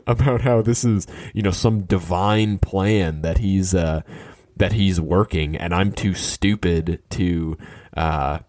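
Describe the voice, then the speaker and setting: A man casually telling an anecdote, animated and skeptical, quickly quoting the other people in it. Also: low-pitched, no echo, clean studio sound. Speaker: storyteller. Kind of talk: casual storytelling.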